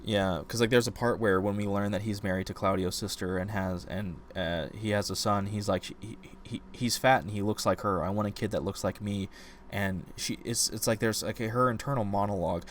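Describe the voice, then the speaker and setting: A man co-hosting a podcast, casually discussing a novel and retelling its scenes in an animated, ranting way. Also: on the low side, normal speed, hardly any pauses, slight background noise. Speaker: podcast co-host.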